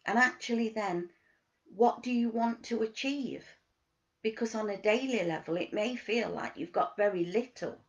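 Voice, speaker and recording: A woman giving a motivational wellness talk as a coach, asking gentle questions and stressing key words. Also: mid-range voice, normal speed.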